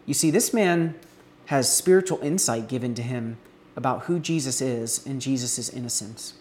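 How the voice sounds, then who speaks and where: A man's voice: medium pitch, darkish tone. An earnest male preacher working through a passage in a sermon. He leans hard into key words, and his voice lifts and falls between stresses. He sometimes halts and restarts a phrase. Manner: earnest, rising emphasis on key words with some halting restarts. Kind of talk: expository sermon.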